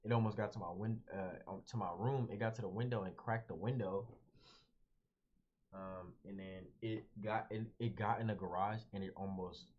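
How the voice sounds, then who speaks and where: A young man telling a story casually as a vlogger, animated and slangy, calling everyone "bro". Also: on the low side, moderate pace. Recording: dull lo-fi audio.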